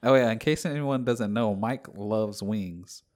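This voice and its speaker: A man's voice: on the low side, unhurried, darkish tone. A man in casual podcast chat, wry and dry-humored, who laughs easily.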